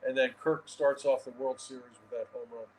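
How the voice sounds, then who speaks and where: Guest, man in his 60s, mid-pitched, animated storyteller with restarts. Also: fairly quick, low-quality recording. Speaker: guest, former baseball catcher and manager. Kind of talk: storytelling in a casual interview.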